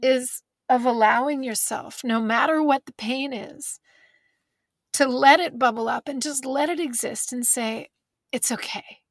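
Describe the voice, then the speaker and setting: A woman's voice: high voice, unhurried, no room sound. A woman talking candidly and thoughtfully in a conversation, restarting words as she thinks, close to tears. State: teary. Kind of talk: reflective conversation.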